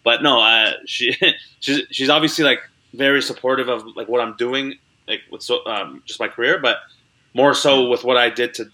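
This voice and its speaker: A man's voice: mid-range voice, steady tone, normal speed, bright, forceful tone. A young man, a comedian, chatting as an interview guest in a rambling way, full of likes and restarts. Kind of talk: casual interview chat.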